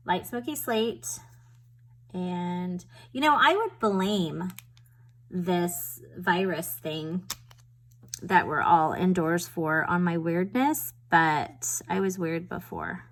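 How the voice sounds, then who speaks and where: A woman's voice: fairly low pitch, takes it slowly, poor audio. A woman chatting and rambling through a papercraft tutorial at home, joking at her own expense as she works. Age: adult with a school-age daughter. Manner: chatty, rambling, self-deprecating. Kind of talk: casual crafting demonstration.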